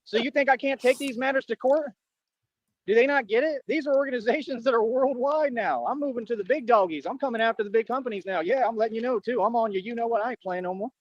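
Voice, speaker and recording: A man's voice: very high voice, fast, dry recording, lo-fi sound. A man rambling on at length, boastful and earnest, repeating himself often, with a way of talking. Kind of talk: rambling street monologue.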